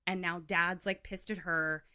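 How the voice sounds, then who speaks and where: A woman co-hosting a podcast, casually retelling a film plot with lots of "like" and quick acted-out quotes. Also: on the low side, fairly even intonation, bright, forceful tone. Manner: chatty, heavy use of "like", acts out quotes. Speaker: podcast co-host.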